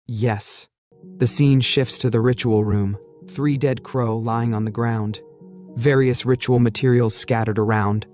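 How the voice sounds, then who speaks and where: A man's voice: mid-range voice, darkish tone. A man narrating a comic story recap in a playful, jokey storytelling manner.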